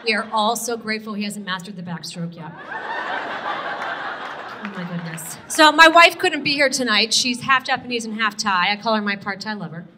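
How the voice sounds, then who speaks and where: Bright, energetic middle-aged woman comic. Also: fairly high pitch, a little hiss or hum. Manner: energetic, talks to the audience, quick question runs. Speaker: stand-up comedian. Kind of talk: stand-up comedy set. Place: comedy stage with a live audience.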